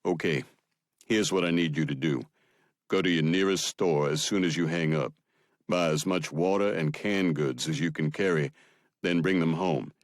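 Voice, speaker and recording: A man voicing a calm, protective soldier in an audiobook, firm and clipped. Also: very deep voice, moderate pace, dry recording, studio quality.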